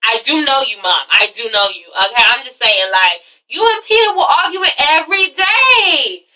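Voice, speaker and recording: A woman's voice: high voice, animated, moderate pace, bright, forceful tone, recorded from a distance, full character voice, rough recording. A woman voicing a blunt, sassy teenage daughter who presses her mother with pointed questions.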